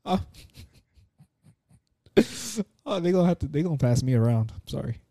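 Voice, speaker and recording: A young man co-hosting a casual podcast, his pitch swinging up and down as he rambles and jokes. He circles back over his own phrases before landing a point. The sound is close and dry, with no room around it. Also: animated, moderate pace, creaky, dark tone, dry recording. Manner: rambling, joking, repeats himself. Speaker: podcast co-host. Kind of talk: casual chat.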